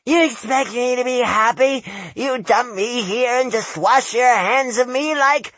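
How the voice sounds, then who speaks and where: A man's voice: expressive, takes it slowly, a bit bright, heavily acted. A man voicing a bitter, demanding older mother who whines and slurs her words. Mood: whining. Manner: slurred, shrill and whiny.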